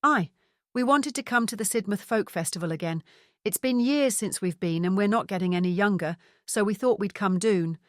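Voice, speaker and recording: A man's voice: high-pitched, moderate pace, dry recording, studio quality, lightly acted. A woman voicing a jovial Scottish father in his seventies, talking in a hearty, cheerful way. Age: 70s.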